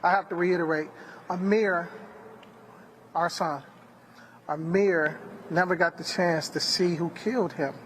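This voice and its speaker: Man, higher-pitched, earnest emotional speech at a podium, faint background noise. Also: fairly even intonation, unhurried, long pauses, fairly bright tone, rough recording. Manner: earnest, repeats key lines.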